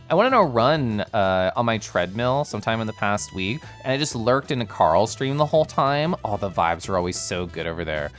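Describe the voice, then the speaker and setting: A man streaming live, chatting casually and greeting viewers by name in a bubbly, giggly way. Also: mid-range voice. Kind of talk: casual chat reading viewer messages.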